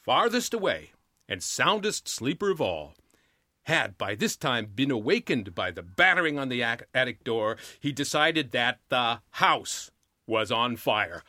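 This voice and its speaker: Male actor narrating comedy, animated, bright and crisp in a dry room. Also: medium pitch, a little slow, dry recording. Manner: lively animated storytelling. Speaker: actor reading a story. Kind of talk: expressive comic story narration.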